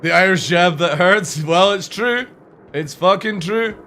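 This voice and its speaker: Scottish guy streaming a game, talks slow and sweary, lots of thinking-out-loud hmms. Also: high voice, a little hiss or hum. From Scotland. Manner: blunt, sweary, thinking aloud with long murmured pauses. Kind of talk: casual live-stream chat.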